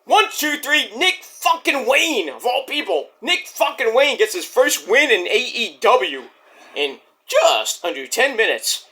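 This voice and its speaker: A man with a fairly high, bright voice recaps a wrestling show in a loose vlog. His pitch swings widely as he rambles and swears casually. He keeps stumbling through fillers as he goes. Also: sing-song, unhurried. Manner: rambling, profane, many fillers.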